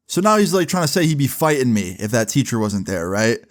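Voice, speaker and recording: A man's voice: medium pitch, sing-song, fast, hardly any pauses. A young man casually telling a personal story for his vlog, loose and chatty with lots of filler words and swearing. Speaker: storyteller vlogger.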